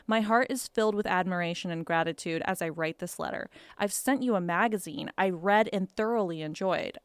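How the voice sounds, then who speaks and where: A woman's voice: mid-range voice, a bit bright, clear, resonant tone, dry recording. A woman co-hosting a podcast, reading a listener letter aloud with wry quips. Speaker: podcast co-host. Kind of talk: casual chat, reading listener mail.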